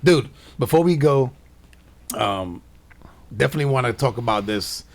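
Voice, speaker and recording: A man co-hosting a podcast in casual chat, a father who laughs along and speeds up when he gets excited. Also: mid-range voice, moderate pace. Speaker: podcast co-host.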